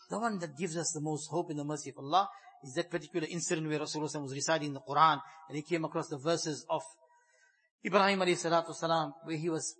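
Male preacher, high husky tone, emphatic sermon delivery that swings between fervent stress and hushed passages. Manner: emphatic, swelling to fervent stress, then dropping soft and low. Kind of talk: sermon explaining scripture.

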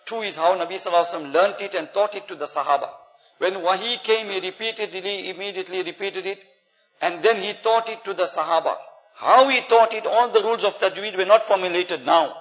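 A man with a bright, fairly high voice talks fast as an imam, delivering an earnest, instructive sermon laced with Arabic phrases. The recording is echoey, from a hall, with a dull lo-fi sound.

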